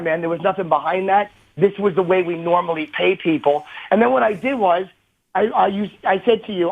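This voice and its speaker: A man's voice: high-pitched, creaky. A middle-aged comedian calling in by phone, arguing heatedly and defensively and talking over the other man. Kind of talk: heated on-air argument. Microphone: phone call-in. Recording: tinny phone line.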